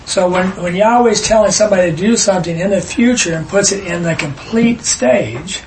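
A man teaching scripture with a fairly high voice, emphatic and prone to tangents as he reads verses aloud. His voice rings in an echoey room, over a faint hiss. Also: brisk. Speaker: Bible study teacher. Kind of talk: informal Bible teaching.

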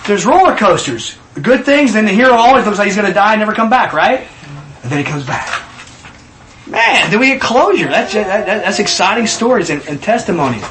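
A man leading a casual Bible study, teaching in an animated way and acting out scenes in voices. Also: high-pitched, fairly quick, slight background noise, rough recording.

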